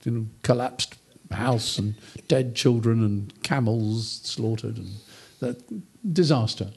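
A man giving a humorous lecture, telling a story as an animated, joking storyteller. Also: medium pitch, takes it slowly, vocal fry, breathy edge.

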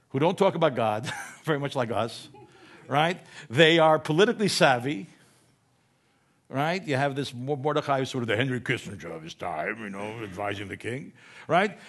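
A man's voice: on the high side, a bit bright. A man giving a humorous lecture in a conversational way, often asking "right?" and correcting himself mid-word.

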